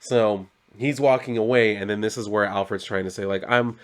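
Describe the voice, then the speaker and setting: A man with a somewhat low voice talks through a comic book issue in a loose, casual way. He rambles, leans on "so" and "like", and gives his offhand opinions. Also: steady tone, brisk. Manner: loose and rambling, lots of fillers like "so" and "like".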